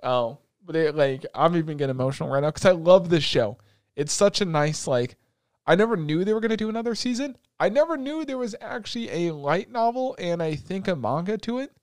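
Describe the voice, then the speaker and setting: A man co-hosting a casual podcast, retelling an anime with animated swearing and laughter. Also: sits high, fairly quick, clean tone, no room sound, clean studio sound. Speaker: podcast co-host.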